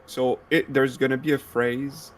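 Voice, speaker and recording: A man's voice: medium pitch, fairly even intonation, measured pace, slight background noise. A man on a game voice chat, explaining helpfully and swearing casually.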